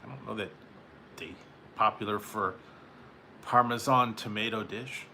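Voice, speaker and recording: A man's voice: fairly low pitch, measured pace, vocal fry, bright, forceful tone, a little hiss or hum. A man hosting a live stream, chatting casually with viewers in a rambling way and chuckling often between remarks. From California. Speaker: live-stream host reading chat.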